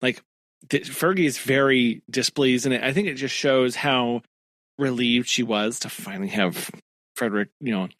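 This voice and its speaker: A man's voice: mid-range voice, normal speed, fairly bright tone, no room sound. A man co-hosting a casual book discussion, chatty and laughing often as he quotes the characters. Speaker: podcast co-host.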